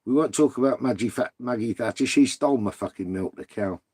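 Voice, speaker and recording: A man's voice: mid-range voice, a little fast, darkish tone, husky. A middle-aged man, chatting casually on a live stream, swearing freely and bantering with viewers. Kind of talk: casual live-stream chat reading comments.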